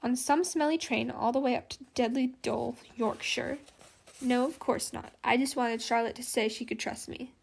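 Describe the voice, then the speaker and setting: A woman's voice: a little high, fairly even intonation, moderate pace, creaky. A woman reading the part of a vain young woman who speaks in a bored, indignant way. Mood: petulant.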